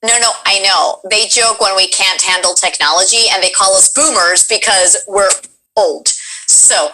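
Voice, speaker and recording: Bright chatty woman streamer. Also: medium pitch, slight background noise, poor audio. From Colombia. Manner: chatty, giggly, quick asides to chat. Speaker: streamer host. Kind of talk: casual live-stream chat.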